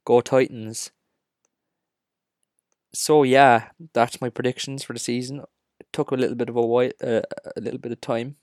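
An Irish man with a Cork accent hosting a solo podcast, ranting and joking in an excitable, casual way. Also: mid-range voice, normal speed, long pauses. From Ireland. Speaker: podcast host.

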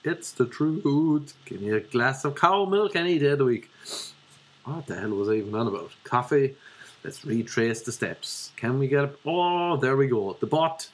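A man's voice: medium pitch, normal speed. A young man with an Irish accent gives a profane, ranting comedic monologue as a vlogger. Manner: profane, ranting, animated storyteller.

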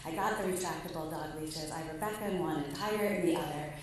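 A woman in her thirties telling a personal story live, wry and animated, acting out other voices now and then. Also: sits low, quick pace, a little hiss or hum. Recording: echoey hall, mic at a distance.

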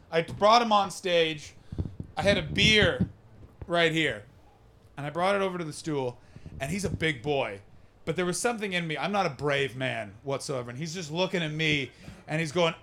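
A man's voice: on the high side, normal speed, pushed and bright, a little hiss or hum. A man doing stand-up comedy, telling a rambling, crude, self-mocking story and chatting with people in the crowd. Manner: talks with the crowd.

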